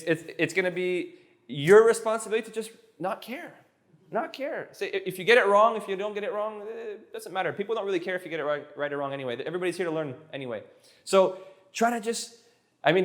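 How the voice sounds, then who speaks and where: A man with a high voice teaches a live class, joking and hamming things up. He drills words again and again and stumbles on restarts as he goes. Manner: playful, jokey, repeats words for drill. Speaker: Spanish teacher.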